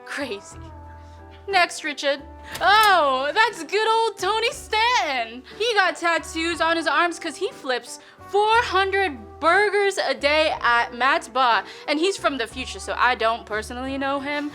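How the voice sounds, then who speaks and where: A woman's voice: sits high, expressive, unhurried, sharp tone, soft background music, full character voice. A woman putting on a chipper 1950s Minnesota housewife with an old-fashioned Minnesota accent, sweet and folksy, demonstrating a recipe in character. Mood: folksy, coy. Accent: put-on old-fashioned Minnesota. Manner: sweet, prim, folksy, with coy innuendo. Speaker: cooking show presenter in character. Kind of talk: comic character cooking demo.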